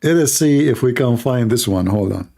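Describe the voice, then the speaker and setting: A man's voice: medium pitch, lively intonation, gravelly, mellow. A man hosting a long live stream, reading aloud and mocking it with sarcastic asides and frequent laughter, his voice tired after hours of talking from a cold room at his computer. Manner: sarcastic, laughs often, slow and drawn out.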